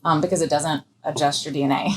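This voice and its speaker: A woman thermographer speaking calmly and reassuringly in a casual discussion. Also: deep voice, quick pace, poor audio. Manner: reassuring, calming. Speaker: clinical thermographer.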